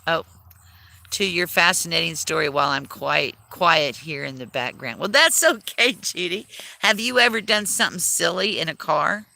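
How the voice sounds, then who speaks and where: A woman's voice: lowish voice, normal speed, creaky, sharp tone, dry recording. A woman chatting casually on a livestream, self-deprecating and laughing often as she talks. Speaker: livestream host.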